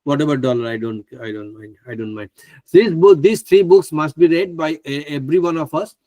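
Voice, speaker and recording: A man presenting a live online trading class, chatty and excitable, who laughs often and stumbles over names. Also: fairly high pitch, fairly quick, dry recording. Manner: stumbles over names, asks others to pronounce them.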